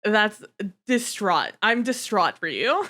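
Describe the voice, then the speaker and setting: A woman co-hosting a casual podcast about a book series, laughing often and cursing freely as she reacts. Her voice sits at an ordinary mid pitch for a woman. She keeps a loose, chatty tone. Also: slow pace. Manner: animated, laughing, swears freely. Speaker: podcast co-host. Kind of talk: casual book-club chat.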